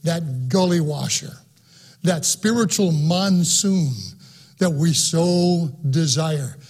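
A man's voice: fairly high pitch, slow, darkish tone, husky. A man preaching a sermon, reading scripture aloud and then preaching on it with rising fervor.

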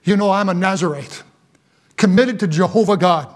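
A man's voice: sits high, normal speed, pitched below the performer's own voice, close to an everyday voice. A male preacher acting out Samson, a strongman who stammers sheepishly to his lover. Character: lovestruck strongman Samson, a man.

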